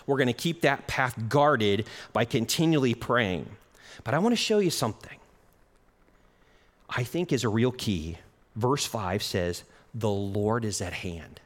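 A man preaching a sermon in a church hall, with an animated delivery. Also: mid-range voice, unhurried. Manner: animated, acts out little quoted exchanges, chuckles at his own jokes. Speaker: pastor. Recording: long hall reverb.

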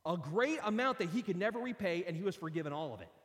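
A man's voice: high voice, expressive, fast talker, long reverb tail. A man preaching a sermon in a conversational way, reading scripture aloud and breaking off into casual asides. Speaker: pastor.

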